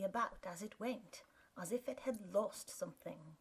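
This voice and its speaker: Woman, audiobook narrator, breathy, mid pitch, soft reading. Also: unhurried, rough recording. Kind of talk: scripted narration.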